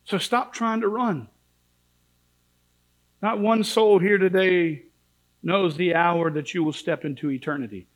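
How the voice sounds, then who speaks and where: A man preaching a sermon in a church, impassioned, swinging between shouted warnings and low pleading. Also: fairly even intonation, unhurried, pauses often, low-quality recording.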